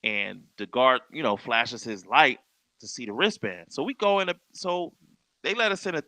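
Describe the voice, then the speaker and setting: Young male host, bright tense tone, dry close sound, lively storyteller who voices the people in his tale. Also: mid-range voice, normal speed, no room sound. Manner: animated, acts out quoted dialogue. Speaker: podcast host. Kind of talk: casual storytelling chat.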